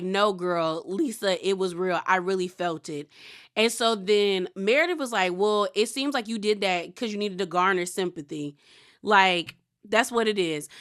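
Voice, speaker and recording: A woman's voice: medium pitch, sharp tone. A woman casually recapping a reality show episode, chatty and opinionated, quoting the cast and often calling them girl. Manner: chatty and opinionated, calls people girl, quotes cast members.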